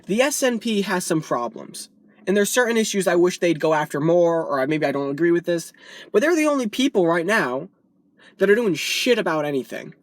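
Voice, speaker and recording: A woman's voice: on the low side, expressive, a little fast, no echo, clean studio sound. Woman in an angry, profane political rant. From United States. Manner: profane and heated. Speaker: political vlogger.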